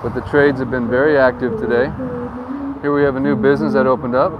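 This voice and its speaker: Here a man with a mid-range voice talks quickly and flatly, though his manner stays upbeat and joking, with rambling asides. He's a real estate agent chatting casually as he rides through a town street on a tour. Audio is dull, captured outdoors on a wind-muffled mic with a windsock, with faint wind and traffic audible.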